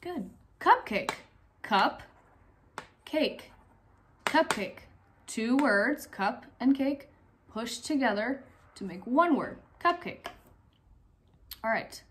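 A young woman teacher giving a recorded phonics lesson to young pupils, speaking clearly, asking questions and pausing for answers. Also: a little high, lively intonation, fairly bright tone, a little hiss or hum. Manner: slow, clear, encouraging teacher talk, asks questions and pauses.

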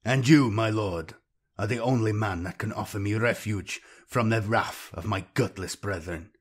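Male reader as a defiant, calm warrior, low husky tone. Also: moderate pace. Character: defiant traitor space marine warrior.

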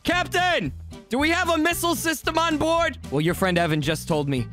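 Male streamer, very high and bouncy, over-the-top comic roleplayer. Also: big pitch swings, moderate pace, soft background music. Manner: over-the-top, goofy, often shouting. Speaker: streamer host. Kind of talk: comedic game roleplay.

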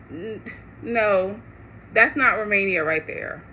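A woman giving a prophetic sermon online in a lively, conversational way, laughing often. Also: high voice, moderate pace. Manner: animated, laughing, conversational preaching. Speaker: online preacher. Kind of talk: prophetic preaching.

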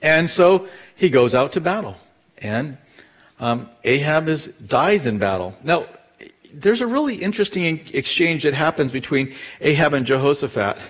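Casual pastor with a slightly high voice. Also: male voice, moderate pace. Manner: casual storytelling with fillers and lively retold dialogue. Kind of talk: verse-by-verse Bible teaching.

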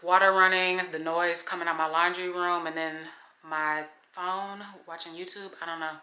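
A young woman vlogger ranting casually to her viewers at home, slangy and animated as she talks straight to camera. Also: fairly low pitch, normal speed. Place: home kitchen. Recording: echoey room.

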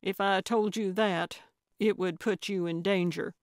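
A woman voicing a feisty, self-assured older female sleuth, brash and excitable, in a storybook reading. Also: mid-range voice, a little slow, dry recording, clean studio sound, lightly acted.

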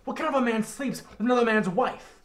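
A man acting out a jealous husband in a staged scene, narrating and then shouting accusations. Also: extremely high pitch, fairly quick. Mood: furious. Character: young man playing a jealous, enraged husband. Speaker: friend acting out a crime scene.

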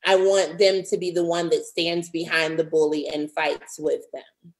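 A woman's voice: deep voice, little pitch movement, a little slow, rough recording. A woman in her thirties, a pastor and author, speaking earnestly as a podcast guest, with heartfelt emphasis and repetition as she builds each point. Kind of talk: earnest interview conversation.

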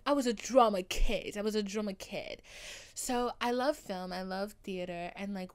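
A young adult woman hosting a solo podcast, talking in an overdramatic, gushing and profane way. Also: medium pitch. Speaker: podcast host. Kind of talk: casual solo podcast monologue.

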